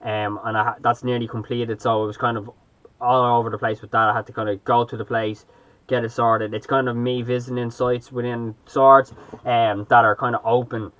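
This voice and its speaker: A man's voice: mid-range voice, flat delivery, normal speed, a bit bright, dry recording. Rambling Irish man, dry close sound. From Ireland. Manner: rambling, loose, hesitant. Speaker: vlogger. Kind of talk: casual vlog commentary.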